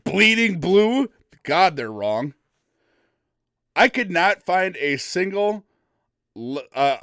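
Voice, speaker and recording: A middle-aged man hosting a live morning show, loud, excitable and folksy. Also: fairly high pitch, dry recording, studio quality. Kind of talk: casual live stream talk.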